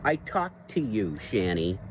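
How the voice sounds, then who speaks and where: A man ranting angrily outdoors in public, profane and bursting into shouts. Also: lowish voice, big pitch swings, slow pace. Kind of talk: angry rant to camera. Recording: outdoor street noise, traffic.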